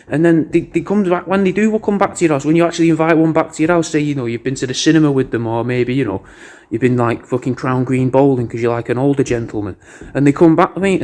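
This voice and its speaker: A man's voice: a little high, mellow. A man hosting a podcast, delivering a rambling, sweary comedic roast and calling the listener "mate" constantly. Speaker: podcast host recording paid video messages.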